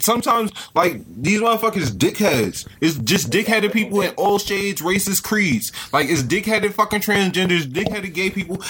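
High, lively, profane man arguing. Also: noisy background. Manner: profane, argumentative, hesitant restarts. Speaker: podcast co-host. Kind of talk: casual chat.

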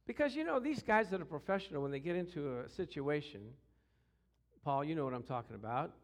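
A middle-aged man preaching a sermon through personal stories, acting out voices with shouts and growls. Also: a little high, a little fast. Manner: animated, acts out quotes with shouts and growls. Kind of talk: storytelling sermon.

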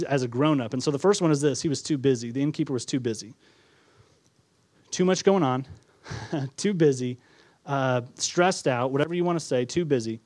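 A man's voice: mid-range voice, darkish tone, dry recording. A male pastor preaching a sermon in a conversational way, acting out quotes with a chuckle now and then.

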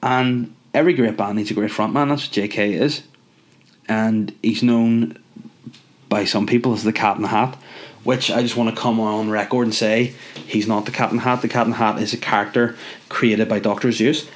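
A man's voice: lowish voice, steady tone, normal speed. Rambling sweary young man. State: stuffy from a cold. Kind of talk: casual comedic rant.

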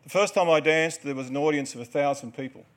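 An Australian man in his forties talks to a live audience from a stage, his voice sitting a touch high for a man. He tells a story, cracks jokes and coaches the people up front through a dance. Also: fast talker. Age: 40s. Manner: joking, storytelling, instructing a crowd. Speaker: dancer and performer.

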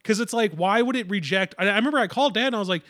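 A young man in casual chat, telling long rambling anecdotes at a rapid clip. His voice is notably high for a man. The recording is dry and close. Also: a bit bright, no room sound. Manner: rambling anecdotes full of fillers and restarts.

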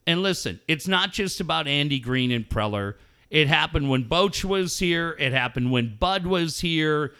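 A man's voice: fairly high pitch, animated, a little slow, sharp tone, clear, resonant tone. Fiery, profane sports talk man. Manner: angry, swearing, mocking. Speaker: sports radio host.

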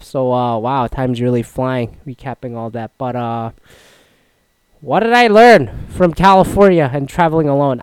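Young man, casual storytelling, swears constantly, smooth clean voice, dry close sound. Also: medium pitch, no echo. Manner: rambling, swears a lot, loud mock outbursts. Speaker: vlogger recapping a solo trip.

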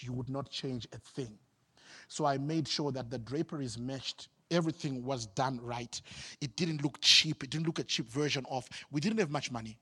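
A man from Zimbabwe preaching a sermon as a pastor, animated, swinging from loud exclamations to quiet asides. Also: mid-range voice, husky, big-room sound.

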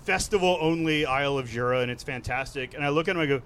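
A man telling a lively anecdote on a casual talk show with several guests, putting on voices for the people he quotes. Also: mid-range voice, fast, clean tone, low-quality recording. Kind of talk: casual storytelling.

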